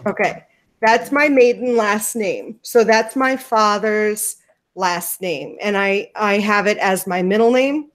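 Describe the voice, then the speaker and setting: A woman from the United States hosting a casual question-and-answer chat, rambling and relaxed. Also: medium pitch, slow pace. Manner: rambling, lots of fillers, relaxed. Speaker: host.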